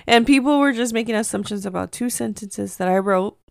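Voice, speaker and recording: A woman's voice: mid-range voice, fairly quick, vocal fry, darkish tone, no room sound, studio quality. A woman in her thirties hosting her own podcast, talking candidly and casually with lots of "like". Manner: candid, chatty, heavy use of "like". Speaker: podcast host. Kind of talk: casual chat.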